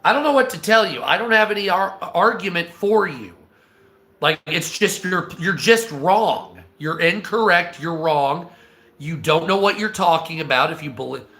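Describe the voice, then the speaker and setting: A man ranting casually on a live stream, swearing often, stammering and clearing his throat. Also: high-pitched, lively intonation, moderate pace, bright, forceful tone, echoey room. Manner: profane, exasperated, restarts and stammers.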